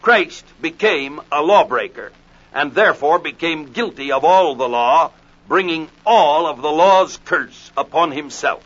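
A man preaching an expository sermon, deliberate and measured, reading scripture aloud in old King James wording. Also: on the high side, animated, fairly bright tone, dull audio.

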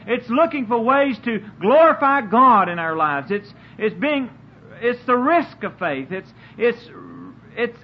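A man preaching a sermon in an earnest way, often stumbling and repeating words as he searches for them. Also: very high-pitched. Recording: dull lo-fi recording with faint hiss.

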